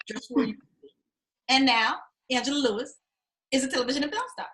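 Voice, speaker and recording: A woman's voice: high-pitched, brisk, pauses often, a bit bright. A woman teaching an acting class, telling blunt, profane stories and acting out the people she quotes. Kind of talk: class talk to students.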